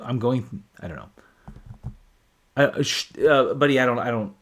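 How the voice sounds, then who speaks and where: A man's voice: mid-range voice, measured pace, pauses often. Casual man hosting a whiskey live stream. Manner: chatty, reads viewer comments aloud, stumbles and restarts. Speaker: whiskey channel host.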